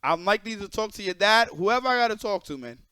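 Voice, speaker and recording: A young man streaming live, ranting bluntly and profanely in a casual, animated way. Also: sits high, fast talker, clear, resonant tone, no room sound. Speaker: streamer and event organizer. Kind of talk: casual livestream rant.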